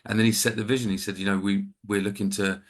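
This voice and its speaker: A man's voice: fairly low pitch, level tone, quick pace. A man in his forties with an English accent, a guest on a video call, talking in a chatty, self-deprecating way with rambling asides. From England. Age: 40s. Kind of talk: casual video-call chat.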